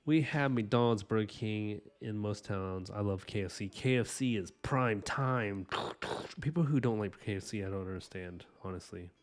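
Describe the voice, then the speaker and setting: A man's voice: fairly low pitch, normal speed. A man casually chatting with his live-stream viewers, rambling enthusiastically with lots of "like" and "you know". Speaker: livestream art host chatting with viewers.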